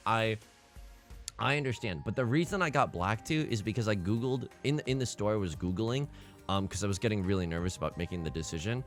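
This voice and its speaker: A man's voice: fairly low pitch, expressive, brisk, faint music behind. A young man commentating his own game in a sarcastic, self-mocking way, with sudden theatrical outbursts. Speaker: let's play host.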